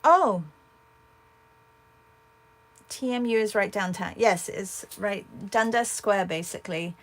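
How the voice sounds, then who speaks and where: A woman with a mid-range voice hosts an art livestream, speaking slowly and chatting casually as she paints. She thinks aloud and answers viewers' comments.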